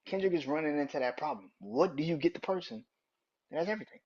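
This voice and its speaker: A man hosting a casual podcast, talking bluntly and profanely and breaking into loud, incredulous rants. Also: on the high side, animated, fast talker, slightly rough, lo-fi sound. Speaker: podcast host.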